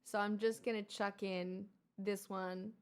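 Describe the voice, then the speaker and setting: A woman's voice: mid-range voice, little pitch movement, a little slow, clear, resonant tone. A woman hosting a casual livestream, chatting with viewers, thanking them in an exclamatory, wry way. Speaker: livestream host.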